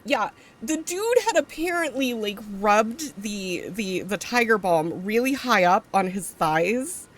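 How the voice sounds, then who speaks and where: A woman's voice: medium pitch, expressive, slow pace, few pauses, a little hiss or hum. A woman streamer tells a story to her live chat in a loose, rambling way. She swears freely and trips through fillers and restarts as she goes.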